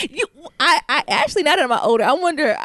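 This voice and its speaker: A young adult woman co-hosting a podcast, telling profane stories in a casual, animated way and acting out quotes. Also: high voice. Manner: laughs often while talking. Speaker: podcast co-host. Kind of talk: casual storytelling chat.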